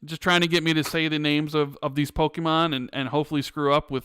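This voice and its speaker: A man hosting a casual gaming podcast, talking in an animated, ranting way with frequent restarts. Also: on the high side, quick pace, a little hiss or hum. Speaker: podcast host.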